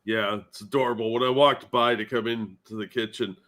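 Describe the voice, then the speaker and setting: Sleepy, bright-voiced man chatting on a stream. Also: medium pitch, fairly even intonation, fairly quick. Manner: sleepy, self-deprecating, swears freely. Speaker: podcast co-host. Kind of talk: casual morning stream chat.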